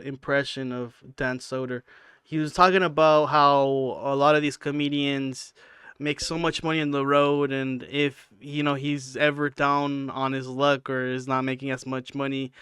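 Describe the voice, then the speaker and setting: A man's voice: medium pitch, a bit bright, clean tone, dry recording, studio quality. A man hosting a channel, talking over clips in a hesitant way with many fillers. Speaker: channel host.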